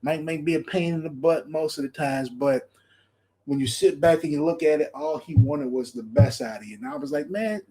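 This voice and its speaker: A man hosting a podcast, chatting casually in an animated way, laughing often and repeating his phrases. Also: a little high, moderate pace. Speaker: podcast host. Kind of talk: casual solo commentary.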